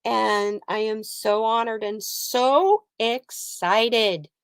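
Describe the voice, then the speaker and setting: A woman's voice: fairly high pitch, steady tone, very slow, clear, resonant tone, dry recording. A woman in her sixties hosting a casual live stream, telling a story and breaking off to greet viewers, laughing often. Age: 60s. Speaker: livestream host and card reader.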